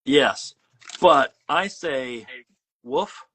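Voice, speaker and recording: A man's voice: mid-range voice, moderate pace, a bit bright, a little hiss or hum. A middle-aged man hosting a casual chat while making art, talking in a rambling, self-deprecating way with lots of fillers and restarts. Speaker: host.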